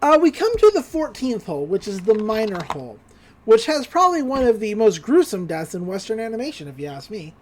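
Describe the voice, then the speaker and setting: A podcast co-host recapping a cartoon episode in casual chat, bouncing into quick character voices as the scenes are retold. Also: mid-range voice, big pitch swings, darkish tone, slight background noise.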